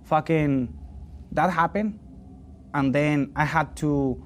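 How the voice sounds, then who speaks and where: A man's voice: fairly high pitch, slow pace. A young man from Mexico with a Mexican Spanish accent, talking casually and profanely in an interview, acting out quotes. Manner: profane, animated, acts out quotes. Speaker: fighter. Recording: faint background noise.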